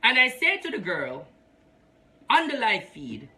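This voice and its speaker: A man's voice: high voice, wildly swooping pitch, measured pace, sharp tone. A man, a spiritual advisor hosting a live reading show, talking emphatically and preachily as he mixes patois with English.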